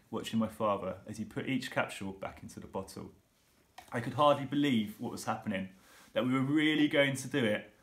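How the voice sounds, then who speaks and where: A man's voice: fairly low pitch, a bit bright. Man reading a children's book aloud. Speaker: school reader. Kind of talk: storybook read-aloud.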